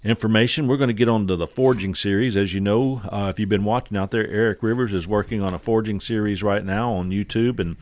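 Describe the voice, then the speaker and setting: A man's voice: lowish voice, fairly even intonation, quick pace, hardly any pauses, a little mellow. A man hosting a podcast in casual chat, rambling and jokey with lots of fillers. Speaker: podcast host.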